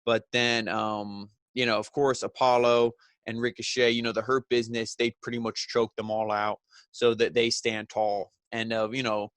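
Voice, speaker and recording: A man's voice: mid-range voice, flat delivery, moderate pace, a bit bright, dry recording. A man giving a casual, sarcastic and profane spoken review of a wrestling show, often mocking the wrestlers with put-on voices. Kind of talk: casual recap commentary.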